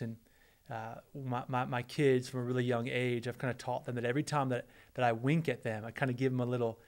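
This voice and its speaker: Middle-aged male pastor, earnest preaching voice, mid pitch, repeats his words. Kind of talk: sermon with prayer.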